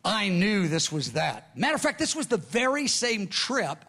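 High-voiced man telling a lively sermon story. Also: normal speed. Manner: animated storytelling, acting out the voices of others; frequent restarts and stammered repeats. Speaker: pastor. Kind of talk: sermon-style teaching session.

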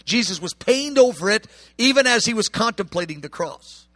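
A man preaching a sermon with passion, acting out quoted voices and swinging from hushed tones to shouts. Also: sits high, expressive, moderate pace, dry recording.

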